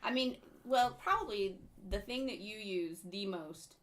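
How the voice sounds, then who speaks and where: A woman co-hosts a live stream and reads out viewer questions. She talks in a playful, teasing way at a middle pitch. Faint background noise sits under her voice. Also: animated, measured pace. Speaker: co-host reading viewer questions. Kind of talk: casual live-stream chat.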